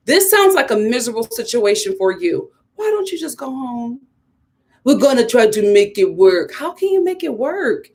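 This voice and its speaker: A young woman giving a casual, sassy recap of a reality TV episode, often talking straight to the people on screen. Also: high-pitched. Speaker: reality TV reviewer.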